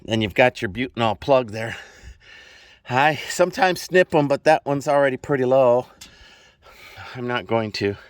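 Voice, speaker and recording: While fixing a trailer tire outdoors on rural land, a man rambles through a casual DIY vlog, folksy, chuckling, and short of breath. He speaks at normal speed in a mid-range voice with long pauses, and there's no room sound.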